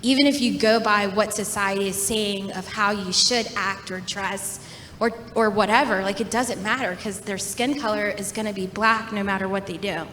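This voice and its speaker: A young woman sharing her own experiences in a casual, relaxed way, with lots of "like"s. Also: moderate pace. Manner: relaxed, filler-heavy talk with many "like"s. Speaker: panel speaker. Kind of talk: casual personal testimony. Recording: echoey hall with faint rumble.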